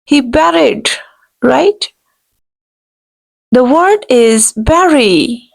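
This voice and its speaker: A woman's voice: sits high, lively intonation, extremely slow, gravelly, rough recording. A woman teaching pronunciation in a video lesson, who corrects mistakes emphatically and says each word again and again. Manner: emphatic, corrects errors with repeated "no". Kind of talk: slow instructional video lesson.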